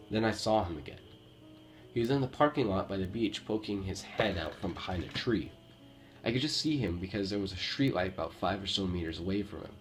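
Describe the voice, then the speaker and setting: A man from Romania with a Romanian accent, reading true scary stories aloud with a steady storytelling delivery and the odd slip. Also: low-pitched. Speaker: horror story narrator. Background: faint background music.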